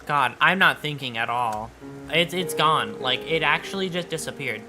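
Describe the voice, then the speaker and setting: A woman streamer chatting casually on a livestream, quiet and soft-spoken, playful, with halting restarts, at a home desk mic. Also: low-pitched, lively intonation, music in the background. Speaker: VTuber streamer. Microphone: desk microphone.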